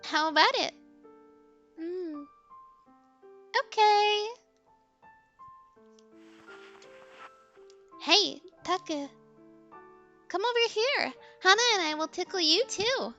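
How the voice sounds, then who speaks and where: A breathy, very high teenage girl from a visual novel teases in a slow, hushed whispered role-play, as a woman puts her on. She sounds bright and coaxing, and quiet music plays beneath her. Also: expressive, lo-fi sound, full character voice.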